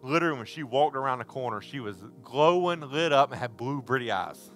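Male preacher, folksy storyteller given to shouts, bright forceful voice. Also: mid-range voice, expressive, brisk, soft background music. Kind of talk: sermon. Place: church service.

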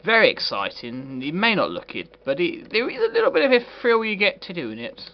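Man, comic game reviewer, fake-posh sarcastic delivery, lively swings in pitch, lo-fi dull recording. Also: a little fast. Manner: put-on posh voice, sarcastic and sweary. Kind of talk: comedic game review commentary. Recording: dull lo-fi recording with faint hiss.

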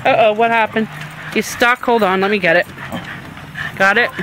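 A woman's voice: medium pitch, steady tone, normal speed, noisy background. A woman filming her dogs outdoors on a backyard deck with a handheld camcorder, doting and laughing as she talks to them. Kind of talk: casual home video chat.

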